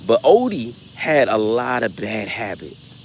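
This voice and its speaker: Animated male vlogger, loose storyteller, lively delivery, faint road noise behind. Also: mid-range voice, unhurried. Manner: animated, loose, acts out voices. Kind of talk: casual storytelling.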